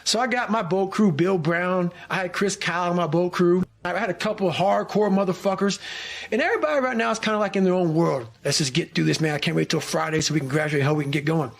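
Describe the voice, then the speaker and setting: Swearing hard and acting out every quoted shout, a man who once trained for special forces recounts a war-training episode like an intense motivational speech. He speaks quickly in a high-pitched voice marked by vocal fry.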